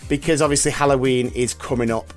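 A man hosting a podcast, telling stories in a lively, animated casual chat. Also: medium pitch, fast talker, faint music behind. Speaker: podcast host.

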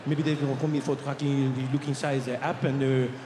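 A comedian voicing a flustered older French information-desk man who speaks halting, broken English, performed live in a large hall. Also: medium pitch, little pitch movement, background noise, close to an everyday voice. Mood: fumbling helpful.

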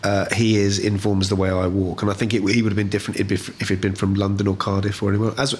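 Thoughtful low-voiced man actor. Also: fast, slight background noise. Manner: thoughtful, animated, self-correcting. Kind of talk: interview.

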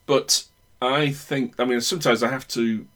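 A man's voice: medium pitch, steady tone, moderate pace, fairly bright tone. A man with a northern English accent in casual chat, rambling and opinionated with many restarts. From Northern England.

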